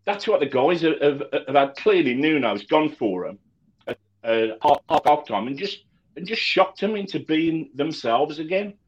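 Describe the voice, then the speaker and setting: A man co-hosting a casual fan chat about football, animated and stumbling over his words with many restarts. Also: a little high, moderate pace, dull audio. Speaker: football podcast co-host.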